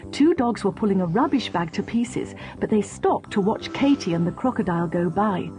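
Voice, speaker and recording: A woman narrating a children's storybook in a lively, expressive way. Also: medium pitch, normal speed, few pauses, faint music behind. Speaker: audiobook narrator.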